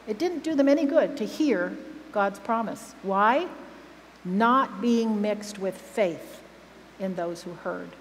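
A woman's voice: mid-range voice, takes it slowly. Woman preacher, emphatic sermon delivery, echoing church hall recording. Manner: earnest, emphatic, asks the congregation questions. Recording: church hall recording with reverb and faint hum.

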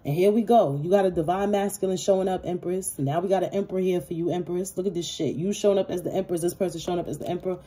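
A woman's voice: fairly low pitch, fast, hardly any pauses, dark tone, breathy edge. A woman giving a casual tarot reading straight to her viewers, blunt and sassy, cursing freely and repeating herself for emphasis. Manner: repetitive, talks straight to viewers. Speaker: tarot reader.

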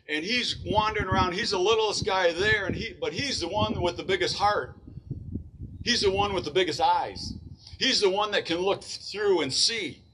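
A man's voice: sits high, a bit bright, slight background noise, poor audio. A man preaching a sermon in a church, retelling a Bible story in casual everyday words. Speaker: pastor.

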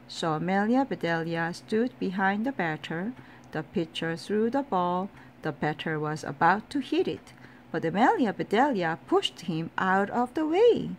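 A woman's voice: mid-range voice, big pitch swings, unhurried, a little hiss or hum. Woman reading a bedtime story.

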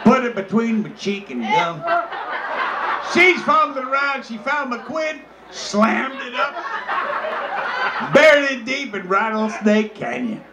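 A male comedian telling a raunchy story in a loud, brash delivery, breaking into shrieks. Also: very high-pitched, animated, slow pace. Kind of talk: stand-up storytelling. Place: crowded bar. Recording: noisy crowded bar.

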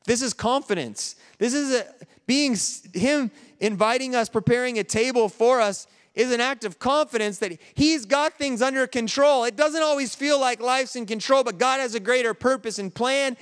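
High-voiced pastor preaching in a reverberant hall. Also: male voice, normal speed, fairly bright tone, clean tone. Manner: earnest, conversational preaching with frequent restarts. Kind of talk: sermon. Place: large church hall. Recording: echoey church hall with long reverb.

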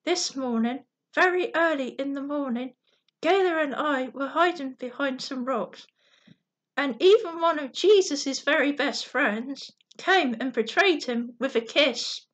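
A woman's voice: high voice, a little slow. A woman reading a bedtime storybook, voicing an earnest young girl who explains things to her friend.

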